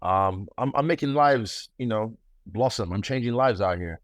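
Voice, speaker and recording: A man in his thirties, the guest in an interview, talking in a relaxed, playful, slangy way with frequent restarts. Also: lowish voice, normal speed, dry recording, studio quality. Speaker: guest fighter. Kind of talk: casual interview.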